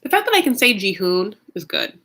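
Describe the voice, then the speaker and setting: A woman's voice: medium pitch, huge pitch swings, a little fast, pushed and bright. A woman hosting a casual livestream recap, chatting loosely, saying "like" a lot and answering viewer comments. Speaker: recap show host.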